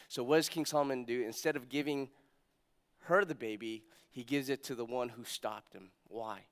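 A man preaching a sermon as pastor, telling stories with energy and dropping to hushed emphasis on key points. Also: medium pitch, moderate pace. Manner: animated storytelling, acts out quotes, drops to hushed emphasis.

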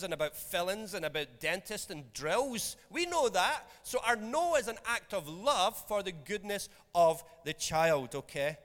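A man's voice: high-pitched, a bit bright, big-room sound. A man preaching a sermon in a conversational, jokey way, often checking in with his listeners. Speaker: pastor. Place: church hall.

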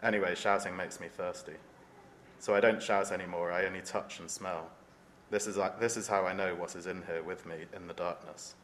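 A man reading as a teenage boy trapped alone in the dark, in a solemn, measured reading voice with no put-on accent. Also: low-pitched, steady tone, a little hiss or hum. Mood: haunted. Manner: solemn, measured reading in his own unaccented voice. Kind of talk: reading aloud from a novel.

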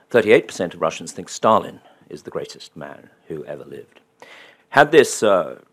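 Deep-voiced guy lecturing, kinda husky, dry sarcastic humor. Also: a bit bright. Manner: wry, dry humor with ironic asides. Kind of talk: public lecture.

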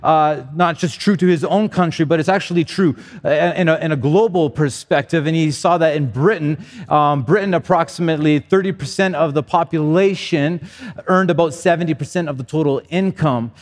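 A man preaching to his church in a relaxed, talky manner, doubling back on words as he thinks aloud. His voice sits a little higher than most men's, and it rings out with the long reverb of a large hall. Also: fairly quick. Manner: conversational, repeats words as he talks. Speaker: pastor. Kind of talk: sermon.

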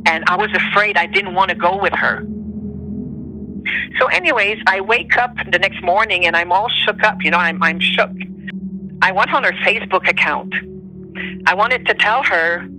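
A woman from Montreal, Canada, a native French speaker with a Quebec French accent, tells a personal story with emotion in a mid-range voice. She is a storyteller guest, animated and emotional, and her voice climbs on quoted speech. The recording quality is low.

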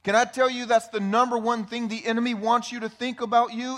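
A man preaching a sermon to his church, emphatic and repetitive, often dropping to quiet low phrases. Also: fast, few pauses. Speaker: pastor. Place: church sanctuary.

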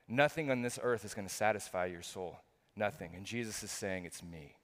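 A man's voice: lowish voice, fairly quick. A middle-aged male pastor preaching a sermon, earnest and repetitive, full of rhetorical questions. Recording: long hall reverb.

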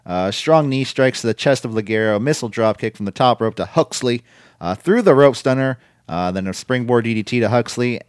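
A man's voice: medium pitch, fairly quick, clean tone, dry recording, studio quality. A man co-hosting a podcast, casually chatting and recapping wrestling matches, swearing now and then. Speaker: podcast co-host. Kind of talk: casual wrestling review chat.

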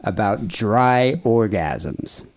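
A male podcast host in casual comedic chat. His pitch moves a lot as he jokes and reacts. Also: drawn-out words. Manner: lively, joking.

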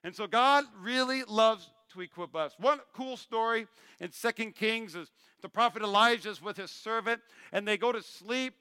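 A male pastor preaching a sermon, animated and joking, acting out Bible characters' lines. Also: high voice, moderate pace, clear, resonant tone. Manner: animated, acts out voices of Bible figures, jokey asides. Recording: long hall reverb.

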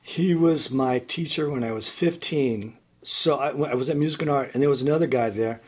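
Husky man telling stories. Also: medium pitch, a little fast. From Brooklyn, New York. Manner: rambling, animated, acts out other people's voices. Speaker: guest musician, tuba player. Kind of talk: casual storytelling interview.

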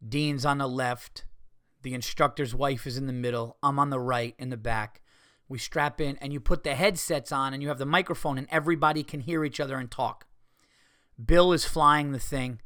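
A man's voice: medium pitch, steady tone, moderate pace, pushed and bright, no room sound, clean studio sound. A man hosting a podcast, telling a story casually and animatedly, swearing, acting out what people said and making sound effects. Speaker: podcast host and comedian.

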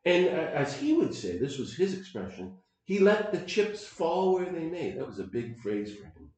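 A man in his sixties from the United States, telling personal stories as a podcast host in an animated, digressive way. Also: on the high side, moderate pace. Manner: animated and digressive, swinging between loud bursts and quiet asides. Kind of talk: personal storytelling. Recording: very echoey room.

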